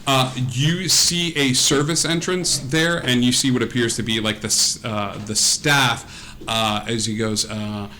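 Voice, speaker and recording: A man's voice: mid-range voice, fairly even intonation, a little slow, pushed and bright, slight background noise. A man narrating a tabletop game as game master on a live stream, loose and rambling with many fillers.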